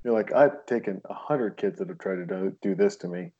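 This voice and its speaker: Crude joking host, husky mellow tone, dull lo-fi recording. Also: male voice, deep voice, a little fast. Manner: crude, joking, loud interjections. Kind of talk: casual podcast chat.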